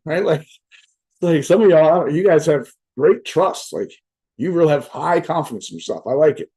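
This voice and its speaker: Speaking a little fast with lively intonation, this young adult man has a slightly high, mellow voice. He's a motivational speaker at a virtual event, talking casually into his mic, rambling and cursing, and dropping "right?" again and again.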